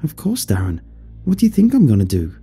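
A man as a brisk, friendly dinner host. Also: medium pitch, huge pitch swings, mellow, soft background music. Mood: coaxing. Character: the narrator's younger self, a friendly host.

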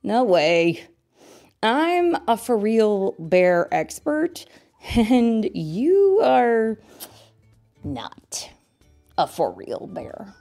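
A woman's voice: low voice, sing-song, vocal fry, a little mellow, husky, soft background music, exaggerated voice. A woman doing a doubtful blue turtle. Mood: skeptical. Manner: doubtful, deliberate. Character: skeptical male blue turtle.

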